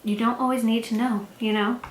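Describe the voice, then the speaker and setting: A woman's voice: on the high side, little pitch movement, fairly quick. A young woman chatting casually and thoughtfully while doing her makeup at home, her talk full of "like" and "you know". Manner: chatty, reflective, many "like" and "you know" fillers. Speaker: makeup vlogger. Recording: echoey room, faint ambient noise.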